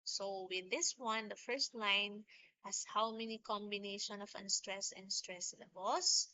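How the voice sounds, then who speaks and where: A woman teacher giving a recorded lecture on poetry, explaining slowly and deliberately with small restarts. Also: mid-range voice, fairly even intonation, pushed and bright, dull audio, slight background noise.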